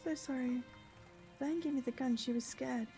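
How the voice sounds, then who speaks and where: A woman reading game dialogue aloud, voicing a guilty, hopeless young man who speaks in a shaky, halting, pleading way. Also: high voice, mellow, soft background music, voice pushed up. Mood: confessing.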